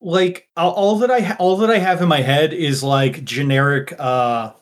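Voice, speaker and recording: A man's voice: on the high side, normal speed. A man hosting a tabletop game podcast, chatting casually and stammering when put on the spot. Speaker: podcast host and player.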